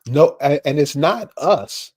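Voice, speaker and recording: A man's voice: fairly high pitch, animated, slow. A man hosting a casual discussion and asking questions, sometimes hesitant and searching for words.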